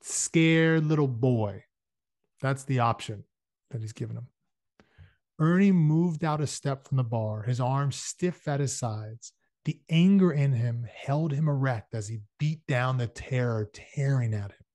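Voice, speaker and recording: A man reads a novel aloud, pausing for casual explaining asides with fillers. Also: medium pitch, darkish tone, no room sound, studio quality. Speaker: reader. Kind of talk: reading a novel aloud with commentary.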